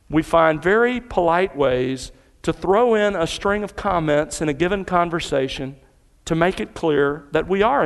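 Preaching man with a bright clear voice. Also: fairly high pitch, big-room sound. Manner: earnest preaching, building emphasis through repetition. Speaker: pastor. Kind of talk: sermon. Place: church sanctuary.

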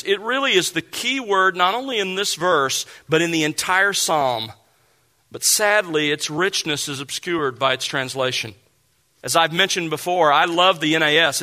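A man preaching an expository sermon, reading Bible verses aloud and explaining them in a measured, emphatic way. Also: fairly high pitch, bright, forceful tone. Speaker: pastor.

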